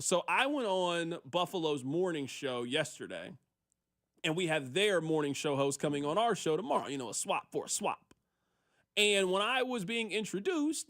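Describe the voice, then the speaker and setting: Animated high-pitched male radio host. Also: no room sound, clean studio sound. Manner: animated, mock-exasperated, repeats himself. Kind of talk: sports radio talk.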